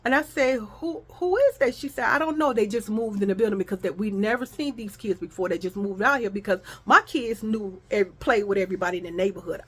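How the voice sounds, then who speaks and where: A woman's voice: medium pitch, a bit bright, breathy edge. A woman vlogger telling a story to her viewers in a casual, profane style, acting out the arguments she quotes.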